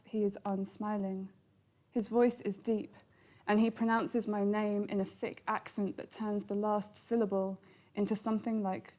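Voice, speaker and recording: A woman, the author, reading aloud from her novel at a bookshop event in a calm, even voice. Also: mid-range voice. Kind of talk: literary reading.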